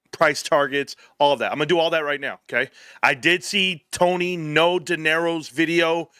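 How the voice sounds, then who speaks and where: A man's voice: high-pitched, pushed and bright, no room sound. A man hosting his own stock channel, ranting casually and combatively to his viewers. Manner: emphatic, combative. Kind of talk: casual livestream rant.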